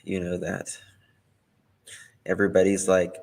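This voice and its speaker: A man's voice: lowish voice, flat delivery, normal speed, creaky, big-room sound. A man hosting a casual chat, quizzical and full of questions. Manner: quizzical, keeps asking questions. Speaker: host.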